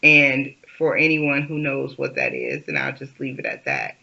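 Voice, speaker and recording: A woman's voice: a bass voice, big pitch swings, moderate pace, vocal fry, pushed and bright, muffled recording. A woman vlogger telling a personal story in a rambling, casual way, full of fillers and restarts.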